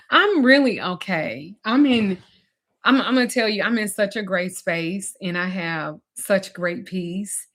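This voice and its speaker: A woman's voice: mid-range voice, takes it slowly, a bit bright. A middle-aged woman, a spiritual teacher and life coach, telling her own story in a candid, emotional and blunt way, swearing now and then and speaking straight to her listeners.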